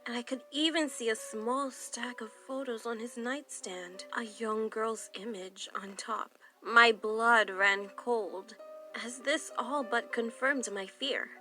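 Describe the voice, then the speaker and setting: A woman tells a scripted first-person story in a fairly high, bright voice. Her delivery is hushed and suspenseful, with soft music running underneath. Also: slow. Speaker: story narrator.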